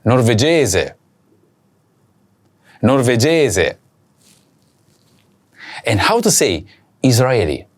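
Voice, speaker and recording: A man teaching a recorded language lesson, saying each word slowly and repeating it for learners to practise. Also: medium pitch, very animated, slight background noise.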